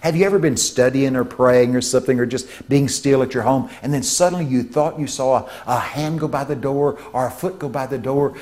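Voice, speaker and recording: A man preaching a sermon, telling stories with vocal sound effects and swinging between hushed tones and shouts. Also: mid-range voice, brisk, few pauses. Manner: shifts from hushed to shouting for emphasis.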